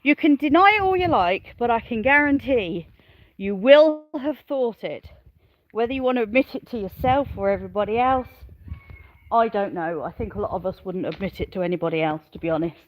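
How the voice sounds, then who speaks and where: Speaking a little fast in a fairly high, animated voice, a smallholder vlogger wanders among her sheep and goats on a live stream, chatting, rambling and cooing at them. The audio quality is poor.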